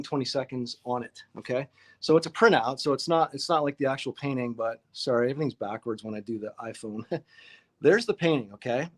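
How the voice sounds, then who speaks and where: A man hosting a casual live-stream painting lesson, chatty and upbeat, greeting viewers in the chat by name. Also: mid-range voice.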